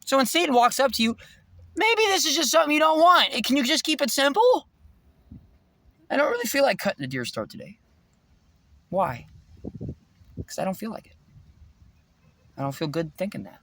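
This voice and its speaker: A man's voice: extremely high pitch, wildly swooping pitch, moderate pace, long pauses, sharp tone, no echo. A man vlogging in a rambling, preachy spiritual monologue, intense and swearing freely.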